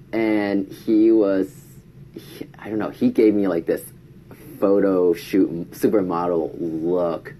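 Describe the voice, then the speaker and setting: A man's voice: deep voice, steady tone, slow, mellow, slight background noise. A man telling a casual story to camera, chatty, acting out quoted lines in a raised voice. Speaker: vlogger.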